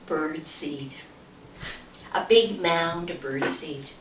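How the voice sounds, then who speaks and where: A woman giving a storytelling speech at a club meeting, acting out the voices and dropping to a hush for punchlines. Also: low voice, very slow. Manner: animated, acts out voices, hushed at punchlines. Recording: echoey room, distant mic, faint noise.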